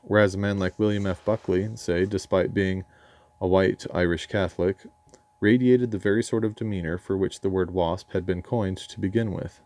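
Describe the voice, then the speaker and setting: A deep-voiced English man reads his memoir aloud with dry irony and erudition. His tone is mellow and dark, and the recording is close and dry. Now and then he trips over a word and corrects himself. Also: fairly even intonation, moderate pace, dry recording. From England. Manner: dry, ironic and erudite, with occasional stumbles over words. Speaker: memoir narrator.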